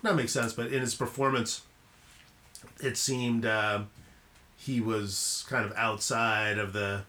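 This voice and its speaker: A man co-hosting a film podcast, talking in a casual, halting way with many ums and restarts. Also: on the low side, steady tone, sharp tone. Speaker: podcast co-host.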